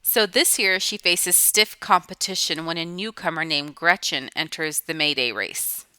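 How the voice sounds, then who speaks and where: A woman's voice: lowish voice, sharp tone, smooth, no room sound. A woman teacher giving a recorded lesson to students, explaining patiently and restating each point.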